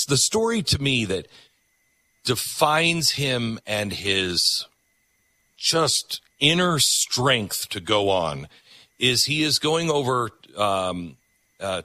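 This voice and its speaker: A man hosting a conversation, telling a story in an animated way. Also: lowish voice, no room sound. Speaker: host. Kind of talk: casual conversation.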